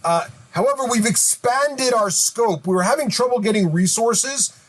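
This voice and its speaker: A man voicing a male hobgoblin trader who speaks in a rough, slow and deliberate, pompous salesman's manner in a tabletop game. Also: very high voice, lively intonation, a bit bright, full character voice.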